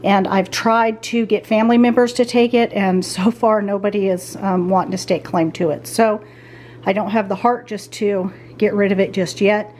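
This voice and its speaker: A woman's voice: mid-range voice, steady tone, moderate pace, a little mellow, slight background noise. A middle-aged woman vlogging casually from her bedroom at home as she tidies. She thinks aloud and talks to her viewers as she weighs her choices. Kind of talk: casual vlog chat while tidying.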